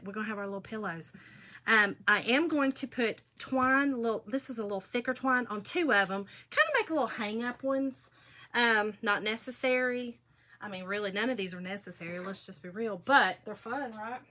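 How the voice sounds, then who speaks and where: As she crafts, a middle-aged craft video host chats with her viewers and tells gossipy stories. Her fairly high voice sounds pushed and bright, and she talks at a normal speed.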